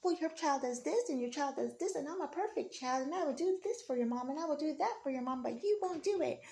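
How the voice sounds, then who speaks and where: A woman's voice: high voice, expressive, quick pace, gravelly, dark tone, slight background noise, voice pushed up. A woman putting on the voice of a boastful, taunting girl who brags in a sing-song way. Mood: smug taunting.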